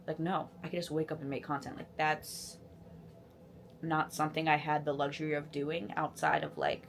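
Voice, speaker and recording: A woman in her twenties rambling casually while doing her makeup at home, self-deprecating and animated. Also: deep voice, moderate pace, slight background noise. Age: 20s. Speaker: beauty content creator. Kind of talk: casual get-ready-with-me chat.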